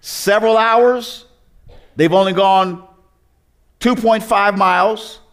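Slightly high-voiced male pastor preaching. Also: steady tone, slow pace, a bit bright. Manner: conversational storytelling with rhetorical questions and restarts. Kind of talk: sermon.

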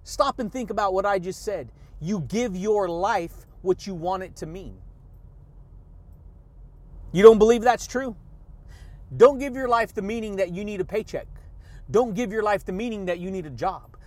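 A man hosting a motivational podcast monologue, hyped and energetic, laughing often and shouting catchphrases. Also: sits high, moderate pace, long pauses. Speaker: podcast host.

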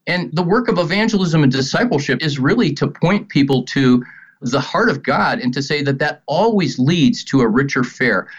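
A man's voice: on the high side, dull audio. A middle-aged man in ministry, earnestly teaching and telling stories in a conversational way. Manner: earnest, storytelling, animated quotes. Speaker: ministry leader.

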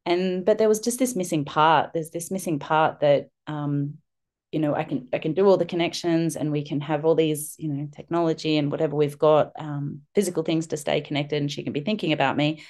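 A middle-aged parenting mentor, guesting on a podcast, tells an earnest, reflective story in a conversational way, with frequent fillers and restarts. Her voice is low, steady, a little mellow, and fairly quick.

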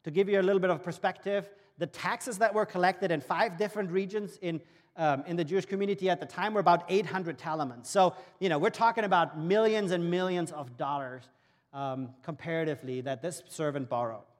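German-born pastor, earnest sermon delivery, higher voice, reverberant hall sound. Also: male voice, brisk. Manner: storytelling with acted-out dialogue, earnest. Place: church auditorium. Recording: long reverb of a church hall.

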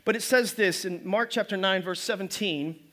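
A man's voice: high voice, normal speed, a bit bright. A man pastor preaching a sermon in a loose, conversational way, often restarting his phrases. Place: church service.

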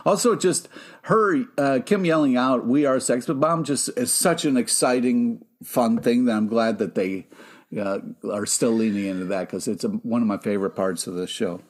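A man with an average-pitched voice co-hosting a casual podcast. He talks excitably, swears freely and gets exasperated when his co-hosts needle him. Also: normal speed. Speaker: podcast co-host.

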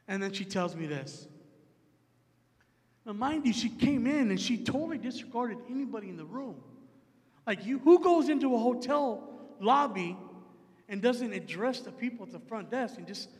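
A male preacher telling a story in a sermon, animated and dropping into low, quiet asides, with a long hall reverb. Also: moderate pace, long pauses.

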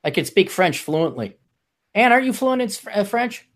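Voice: mid-range voice, sing-song, moderate pace. A podcast host in casual chat who reads a news story aloud, mocking it and laughing between lines. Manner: joking, mocking, laughs often.

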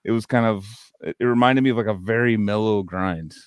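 A man's voice: on the low side, brisk, clear, resonant tone, no room sound. A man hosting a podcast in a casual chat, rambling and laughing through stories, swearing freely. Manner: rambling, laughing storyteller, heavy cursing. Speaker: podcast host.

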